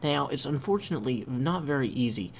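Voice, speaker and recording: A man's voice: mid-range voice, animated, brisk, creaky, slight background noise. A man hosting a video game let's play, chatting casually and thinking aloud as he builds. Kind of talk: casual gameplay commentary.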